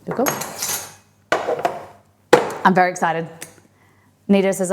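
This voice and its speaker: A woman's voice: lowish voice, moderate pace, pauses often. Chatty woman host cooking on stream. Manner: chatty, thinking aloud while cooking. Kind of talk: casual cooking demonstration.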